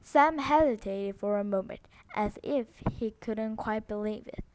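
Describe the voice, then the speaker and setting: A woman's voice: mid-range voice, a little slow, a little mellow, a little hiss or hum. A woman with Korean as her first language reading a novel aloud, steadily, with small slips and restarts. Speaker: book reader.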